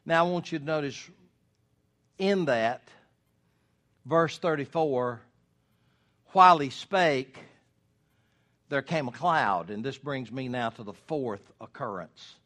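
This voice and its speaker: A man preaching a sermon in an earnest, folksy way, rising to loud emphasis at key points. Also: medium pitch, slow, long pauses. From United States.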